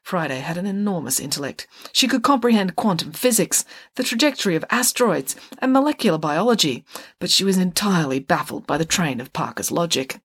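A woman author reading a chapter of her own story aloud, expressive and playful. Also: on the low side, brisk, breathy edge, no echo.

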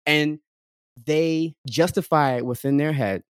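A man's voice: on the high side, measured pace, smooth, no room sound, clean studio sound. A man in casual conversation, talking openly and animatedly, full of fillers, often acting out other people's voices and laughing. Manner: frequent fillers like "like" and "um".

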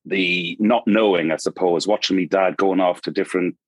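Man, Geordie accent, middle-aged, very low voice, dry close sound, rambling casual chat. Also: steady tone, normal speed, dry recording. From Newcastle, northeast England. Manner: rambling storyteller, goes off on tangents. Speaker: podcast guest.

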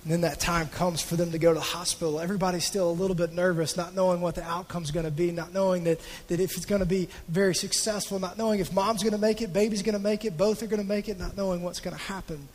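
High-voiced preacher in a reverberant hall. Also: male voice, fairly even intonation, quick pace, few pauses. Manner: conversational, repeats words while telling a story. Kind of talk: sermon storytelling. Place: church auditorium.

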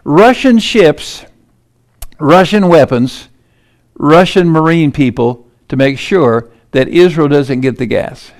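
Guy with a highish voice doing political commentary, emphatic, keeps climbing to urgent peaks. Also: animated, slow, a little mellow. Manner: talks over on-screen maps and headlines.

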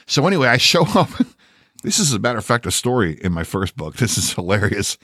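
A man's voice: lowish voice, fast, no room sound, clean studio sound. An older man, a podcast co-host, telling a story in casual, profane talk and acting out the voices. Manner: profane, animated storyteller who acts out voices.

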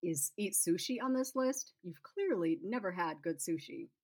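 Woman reading teasing young man, wry, needling, audiobook story, lowish voice. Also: lively intonation, moderate pace. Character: teasing nosy young man, laid-back.

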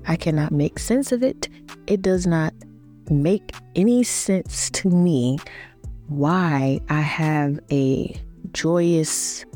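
Low, mellow-voiced woman musing casually. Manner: chatty, uses many fillers and informal phrasing. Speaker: vlogger. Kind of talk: reflective casual monologue.

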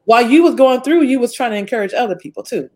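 A woman's voice: a little high, expressive, fast talker, darkish tone. A woman hosting her own interview show, asking earnest, encouraging questions. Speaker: host and founder of the show. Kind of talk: interview host.

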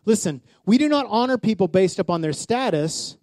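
This forties-aged pastor delivers his sermon at a normal pace, voicing characters from his stories and drawing call-and-response from the congregation. He speaks high for a man. There's barely any echo in the dry sound.

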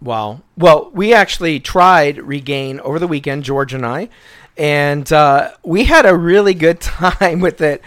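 A man hosting a podcast in casual chat, excitable and quick to laugh. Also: fairly high pitch, clean tone, no echo, clean studio sound. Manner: laughs often, chatty and excitable. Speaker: podcast host.

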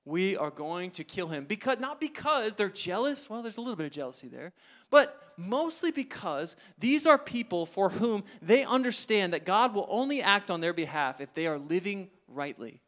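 Preaching a sermon, a male pastor tells the story dramatically, swinging between loud emphasis and hushed asides. His voice sits high and is expressive, and he keeps a moderate pace.

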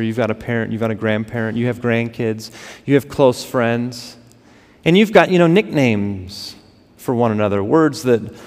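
A man in his thirties preaching a sermon, swinging between loud emphasis and hushed, drawn-out words. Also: mid-range voice. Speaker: pastor. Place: church sanctuary. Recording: long hall reverb.

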